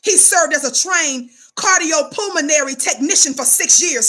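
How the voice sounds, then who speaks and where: A woman speaks in a high, bright, forceful voice. She delivers impassioned commentary like a preacher, indignant and calling on her listeners to answer back. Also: moderate pace, few pauses, a little hiss or hum. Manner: preachy, indignant, call-and-response.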